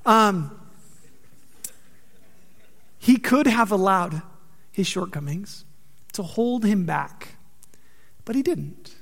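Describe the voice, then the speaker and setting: A man preaching a sermon, conversational and joking, with animated delivery. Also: sits high, drawn-out words, creaky, long pauses, big-room sound. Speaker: pastor.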